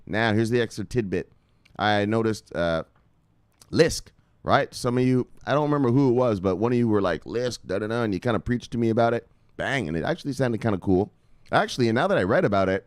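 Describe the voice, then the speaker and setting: A middle-aged man talks loosely and brashly, swearing and teasing his viewers as he hosts a crypto stream. His voice is smooth and clear at an ordinary pitch. It sounds dry and close to the mic. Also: dry recording. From United States. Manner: loose, swearing, joking, shouting "bang" at viewers' names. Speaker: crypto video host. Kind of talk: casual live-stream chat.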